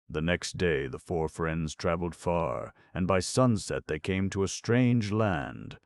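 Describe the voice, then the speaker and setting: A man narrates an audiobook in a steady, measured way. His voice is extremely deep with a gravelly edge. The sound is close and dry. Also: no echo. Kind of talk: scripted narration.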